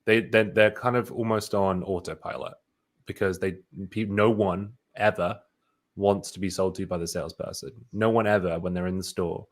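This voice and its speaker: Low-ish voiced guy talking sales in an interview, lively, keeps restarting sentences. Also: normal speed. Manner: animated, acts out quotes, many restarts. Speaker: sales expert guest. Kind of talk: casual interview chat.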